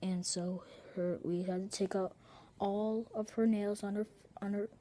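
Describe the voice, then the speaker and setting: A woman chatting casually in a home video, showing her pet and rambling with breathy asides and self-corrections. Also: mid-range voice, fairly even intonation, unhurried, warm tone.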